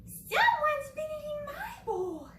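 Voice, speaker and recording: Woman doing a high fussy mama bear. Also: huge pitch swings, background noise, exaggerated voice. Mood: indignant. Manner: high, drawn-out storybook voice. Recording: roomy, from far off.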